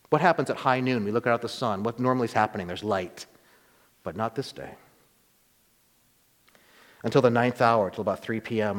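A man preaching a sermon, reading scripture aloud and stopping to explain it with rising intensity. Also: mid-range voice. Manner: reads scripture then comments with rising intensity. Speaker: pastor. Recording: long reverb of a large hall.

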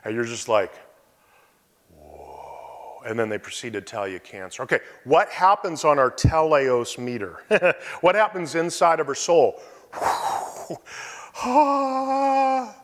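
Male pastor, sermon delivery, expressive with quiet asides, mid-range voice, long church reverb. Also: medium pitch, normal speed.

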